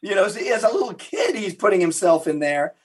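A man being interviewed as a historian, telling lively anecdotes and acting out the quotes in his stories. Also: high voice, brisk, slightly rough. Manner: animated anecdote teller who acts out quotes. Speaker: guest historian and author. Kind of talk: interview storytelling.

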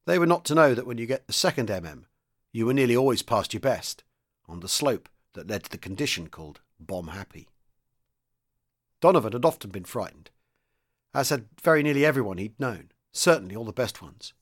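Male reader, steady measured novel narration, mid-pitched voice. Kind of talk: audiobook-style novel reading.

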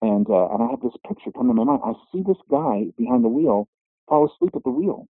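A man's voice: medium pitch, huge pitch swings, fairly quick, creaky, breathy edge, no echo. A middle-aged man earnestly recounting his personal testimony, his voice rising when he recalls prayers. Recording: muffled phone-like audio.

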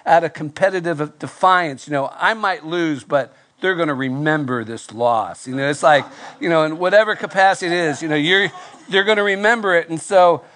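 A male pastor preaching to a live congregation, telling a self-deprecating story in a nasal, fairly monotone voice with halting restarts. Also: fairly high pitch. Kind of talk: sermon with personal story. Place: church before live congregation.

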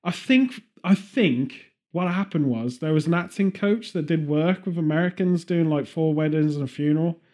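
A man's voice: fairly high pitch, moderate pace, few pauses, warm tone. Chatty man with a Brummie accent. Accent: Birmingham. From Birmingham, England. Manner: rambling, chatty, laughs often. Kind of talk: casual chat.

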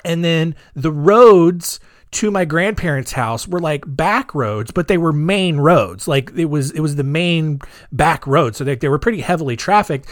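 Male host in his thirties, chatty and sardonic, very expressive pitch, dry booth sound. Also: a little slow, no echo. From United States. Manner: rambling, chatty, dark sarcastic humor. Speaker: podcast host. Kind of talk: casual podcast monologue.

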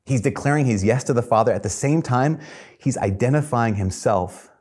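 A man's voice: mid-range voice, normal speed, a little mellow, husky. A man preaching a sermon in an earnest, conversational way, chuckling now and then.

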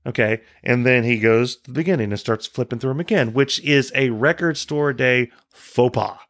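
Animated ranting man on a podcast. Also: medium pitch, normal speed. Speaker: podcast co-host. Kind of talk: casual chat.

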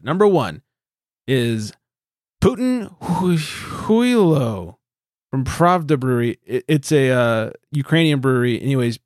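A man's voice: mid-range voice, dry recording. A man hosting a casual podcast, reading out a countdown list in a loose, joking, foul-mouthed way. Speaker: podcast host.

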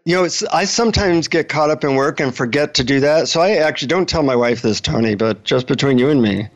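A man who is a relationship author, talking as an interview guest and telling a story in a friendly, animated way. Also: on the high side, brisk, low-quality recording.

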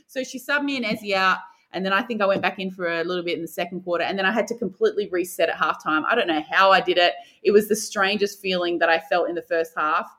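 This is a young woman, a guest basketball player recounting games in an easy, conversational interview. She talks animatedly, playing out her own inner voice in bursts. Her voice sits at an ordinary middle pitch for a woman. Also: fast, fairly bright tone. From Australia. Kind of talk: casual interview storytelling.

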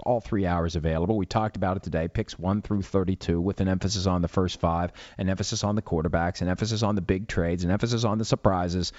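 A man's voice: low voice, a little mellow, dry recording, dull audio. A middle-aged man hosting a solo podcast, ranting with rhetorical questions and then answering listener questions. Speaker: podcast host.

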